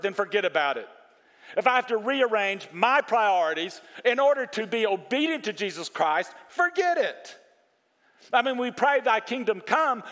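A man preaching a sermon, animated, quoting scripture and asking his congregation questions. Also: high voice, long reverb tail. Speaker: pastor.

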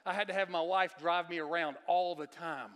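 A man's voice: a little high, fairly even intonation, normal speed. Emphatic male preacher in a reverberant hall. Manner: emphatic, rising to near-shouts then dropping to hushed, confessional tones; repeats words and restarts, asks the audience questions. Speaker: guest preacher. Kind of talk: sermon. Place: church sanctuary. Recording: long reverb of a large church hall.

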